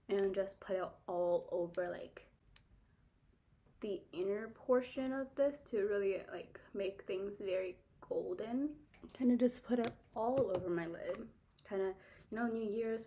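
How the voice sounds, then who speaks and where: With slight background noise behind her, this young Kansas woman chats bluntly as she does her makeup for her beauty vlog. Her mid-range voice is packed with "like" and frequent laughter.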